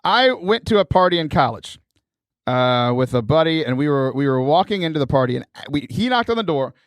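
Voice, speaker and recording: A man hosting a podcast, telling stories in an animated way and laughing often. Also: fairly high pitch, fairly quick, no room sound, studio quality. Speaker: podcast host. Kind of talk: casual chat.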